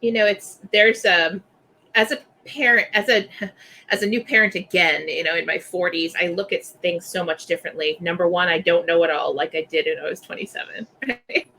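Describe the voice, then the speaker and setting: A woman in her forties talks openly in a relaxed chat, laughing easily and circling back on her words. Her tone is bright and clear, with a faint hiss in the background. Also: lowish voice, normal speed, rough recording. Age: 40s. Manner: candid, laughs often, restarts mid-thought. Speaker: host. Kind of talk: casual conversation.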